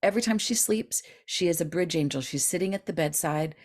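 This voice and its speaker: A middle-aged woman, a guest author, telling a story in an interview and acting out the voices of the people in it. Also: brisk. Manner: animated, acts out quoted voices with big pitch jumps. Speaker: guest author and dream expert.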